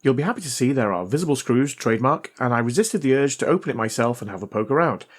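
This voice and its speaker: A man hosting a repair video, reading a viewer's letter aloud and thinking out loud as he tests a gadget in a casual, chatty way. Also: medium pitch, lively intonation, quick pace. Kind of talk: casual hands-on repair commentary.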